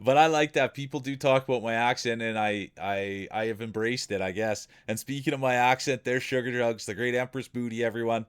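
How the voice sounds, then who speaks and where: A man with a thick Canadian accent calls marble races on a live stream in a chatty, easygoing play-by-play. His voice is smooth and resonant, at a middle pitch for a man. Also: steady tone, a little fast, hardly any pauses. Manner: chatty play-by-play with frequent laughs. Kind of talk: casual live-stream commentary.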